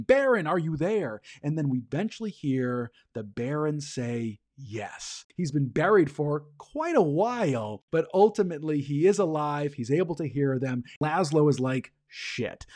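A male podcast host talks through a TV episode in a casual, chatty recap. His voice sits at an ordinary middle pitch, and his delivery loops through fillers and asides as he retells each scene. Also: a little mellow.

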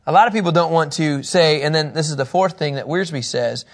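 Gravelly, animated male Bible teacher. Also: fairly high pitch, a little fast. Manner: animated, laughing, acting out scripture quotes. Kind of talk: casual Bible lesson.

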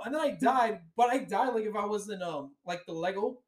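A man's voice: sits high, fast talker, few pauses. A man co-hosting a podcast, telling a dream story in casual chat and acting out the voices in it. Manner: animated storytelling, acts out voices. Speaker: podcast co-host. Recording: roomy echo.

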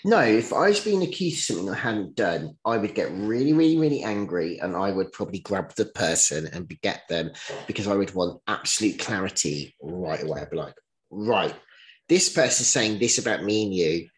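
A man, co-hosting a casual chat podcast, animated and swearing, acting out scenes in little voices. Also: sits low, fairly quick. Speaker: podcast co-host.

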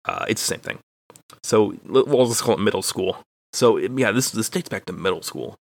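Gravelly low-voiced man telling a story. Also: expressive, brisk, no echo. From Texas. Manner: rambling, profane, self-deprecating. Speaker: podcast co-host. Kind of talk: casual storytelling chat.

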